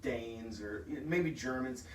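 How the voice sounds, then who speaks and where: A man's voice: medium pitch, slow pace, reverberant, distant mic, slight background noise, rough recording. A man co-hosting a casual food podcast, telling stories with enthusiasm and laughing easily. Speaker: podcast co-host. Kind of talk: casual chat. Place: office.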